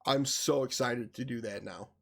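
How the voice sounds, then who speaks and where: A man's voice: medium pitch, moderate pace, vocal fry. A man hosting a gaming podcast, telling stories in casual, profane chat. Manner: profane, animated storytelling. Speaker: podcast host.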